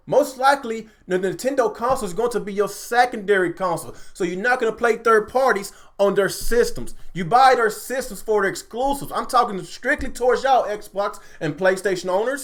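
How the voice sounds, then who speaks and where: A man hosting a casual gaming livestream from home, ranting with animated energy and talking straight to his chat. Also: high voice. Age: adult, a father. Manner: animated, repetitive, addresses chat directly.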